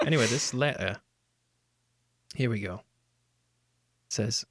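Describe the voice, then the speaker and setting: Man, comedy podcast host, mock-earnest reading, mid pitch, dry close mic. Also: unhurried, creaky, pauses often, dry recording. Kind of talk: casual comedy podcast chat.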